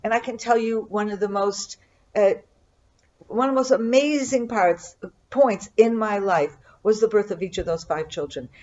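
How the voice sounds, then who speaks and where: A middle-aged woman gives an earnest, reflective Torah commentary, often pausing and restarting her sentences. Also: mid-range voice, a little mellow, highs cut off. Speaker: Bible teacher.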